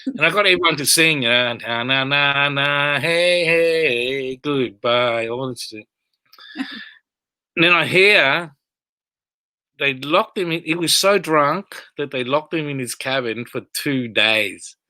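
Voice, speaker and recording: A man telling stories as a comedian guest on a video call, rambling and animated, shouting out quoted lines. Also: a little high, unhurried, long pauses, no echo. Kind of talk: casual interview storytelling.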